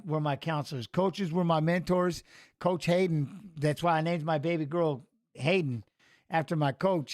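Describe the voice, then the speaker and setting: A man hosting a fight watch-along, mixing blunt, profane life stories with casual live commentary. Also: a little high.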